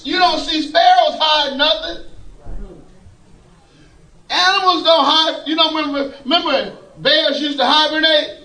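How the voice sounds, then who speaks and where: A man preaching a folksy sermon, laughing often and rising to shouts. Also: extremely high pitch, steady tone, a little slow, long pauses, echoey room, poor audio.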